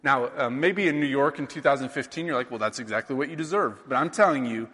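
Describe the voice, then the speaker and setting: A man's voice: mid-range voice, quick pace, pushed and bright, husky. Guy in his 30s preaching, chatty, keeps asking the crowd stuff, big echoey hall. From rural Iowa, USA. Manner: conversational preaching with rhetorical questions. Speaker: pastor. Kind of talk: sermon.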